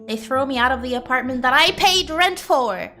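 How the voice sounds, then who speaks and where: A woman's voice: high-pitched, lively intonation, moderate pace, music in the background. A young woman streaming, chatting casually with viewers in a self-mocking, laughing way.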